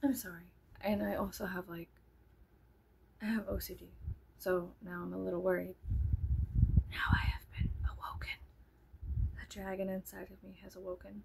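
A woman's voice: medium pitch, flat delivery, a little fast, creaky, a little mellow, slight background noise. A woman from South Texas vlogging in a casual rambling monologue, chatty and joking, with frequent swearing and sudden drops to a whisper.

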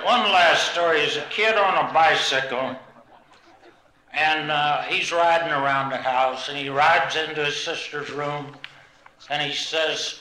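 A man telling off-color jokes at a live roast, drawling and halting with many fillers. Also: fairly high pitch, steady tone, sharp tone, a little hiss or hum. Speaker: roast comedian. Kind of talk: live roast stand-up storytelling. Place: large banquet hall. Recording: roomy live banquet hall.

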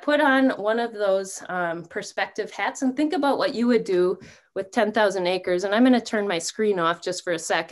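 Relaxed woman presenting an online workshop. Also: mid-range voice. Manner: relaxed, many fillers.

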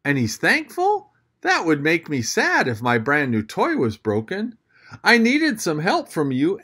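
A children's church storyteller reading a picture book aloud and talking directly to kids, with gasps and an animated manner. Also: medium pitch, breathy edge.

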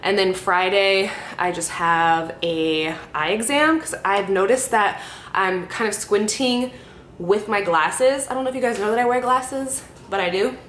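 A woman's voice: a little slow, fairly bright tone. A young woman vlogging casually to camera, telling stories in a chatty way with lots of "like" and acted-out quotes. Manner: chatty storytelling, many "like"s, acts out quotes. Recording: echoey room with faint rumble.

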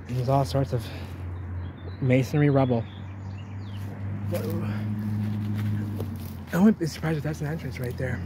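A man exploring ruins outdoors, rambling and thinking aloud to his camera and getting excited as he finds things. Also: medium pitch. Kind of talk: casual exploring vlog. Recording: noisy outdoor camera audio.

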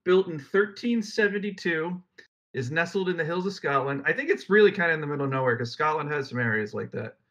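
Bright-voiced young man, lo-fi podcast. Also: on the high side, animated, fast talker. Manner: rambling, jokey, reads facts aloud then riffs. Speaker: podcast co-host. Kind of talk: casual podcast chat. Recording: dull lo-fi mic.

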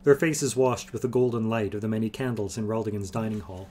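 A man reading a fantasy novel aloud on a livestream, in steady narration. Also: lowish voice, a little fast, a little hiss or hum. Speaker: reader.

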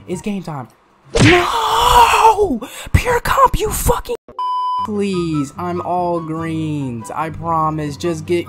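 Brief: male gamer commentating his own play, trash-talking, erupts into loud hype then drops to muttering, game music under him. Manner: trash-talking, swings from loud hyped outbursts to low mutters. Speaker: gaming streamer. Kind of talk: live gameplay commentary.

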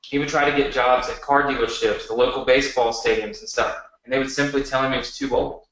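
A man in his thirties giving a motivational webinar pitch, talking straight to viewers and asking them questions. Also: quick pace. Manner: energetic, talks to viewers with yes-questions. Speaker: online marketing presenter. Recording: echoey room.

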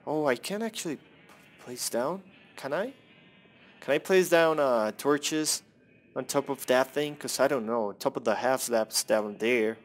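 A man's voice: mid-range voice, measured pace. A young man casually commenting on his own gameplay, rambling, self-deprecating and swearing at the game.

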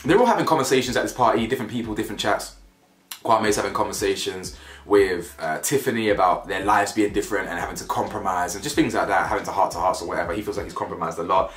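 Speaking fast in a lowish voice, this young British reality TV reviewer delivers casual, slangy takes on a show, his UK accent mixed with urban slang. He's lively and keeps cracking himself up. Faint music plays behind him, and the room adds noticeable echo.

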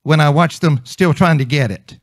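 Brief: male minister, high voice, conversational sermon with emphatic repetition. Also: normal speed, no room sound. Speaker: preacher.

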